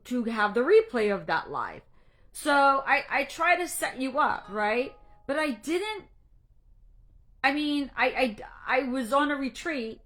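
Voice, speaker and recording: Middle-aged woman, anxiety coach, earnest and a bit preachy on a live talk, tearful, voice sits a touch high. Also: fairly bright tone. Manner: earnest, direct, a little preachy. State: tearful, emotional. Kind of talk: casual livestream talk to a group.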